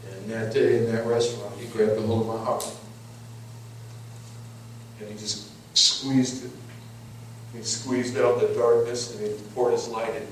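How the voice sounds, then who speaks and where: A man's voice: fairly low pitch, slight background noise. A middle-aged man giving an emphatic sermon testimony, telling his story and repeating words as he goes. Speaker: preacher. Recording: echoey hall, mic at a distance.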